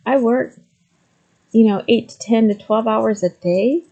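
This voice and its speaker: A woman's voice: medium pitch, normal speed, dark tone, poor audio. A middle-aged woman talking candidly to the camera, with frequent ums, moving between hesitant and emphatic speech. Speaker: vlogger sharing personal story. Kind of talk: candid personal talk to camera.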